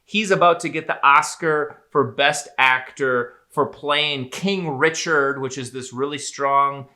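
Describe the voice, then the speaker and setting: A man's voice: mid-range voice, measured pace, sharp tone. A man co-hosting a podcast, speculating in casual chat with frequent fillers and restarts. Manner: speculative, rambling with many fillers. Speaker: podcast co-host.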